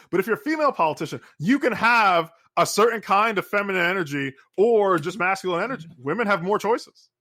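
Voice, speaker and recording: A man's voice: high voice, sharp tone. A man co-hosting a podcast, chatting casually about politics with dry humor and lots of filler words. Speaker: podcast co-host.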